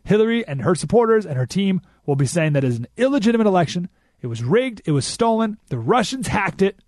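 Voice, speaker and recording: Talk radio host, fired up and punchy, bright high voice, dry close mic. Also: male voice, brisk, no echo. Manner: emphatic, animated, repeats for effect. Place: radio studio. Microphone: studio microphone.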